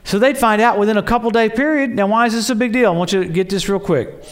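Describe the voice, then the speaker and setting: A man preaching a sermon in an excitable storytelling way, acting out quoted voices and exclaiming. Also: sits high, fast talker.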